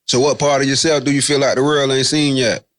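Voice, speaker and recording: A man's voice: medium pitch, level tone, brisk, fairly bright tone, no room sound. Laid-back male interviewer, dry sound. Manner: laid-back, ends questions with "man". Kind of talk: casual interview questions.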